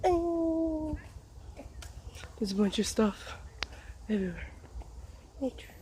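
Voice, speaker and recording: A breathless woman films herself walking a trail outdoors and talks very slowly, dragging out each word. Her tone is deadpan as she names the trees and ground she passes. Faint outdoor noise sits under her voice. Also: sits high, low-quality recording. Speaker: vlogger. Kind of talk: casual vlog narration while hiking.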